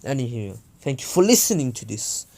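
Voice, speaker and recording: A young man talks in an animated, slangy rush, ranting and telling a fan story. His pitch is mid-range for a man. He records on an earphone mic. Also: brisk. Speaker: YouTuber. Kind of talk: casual fan-fiction narration.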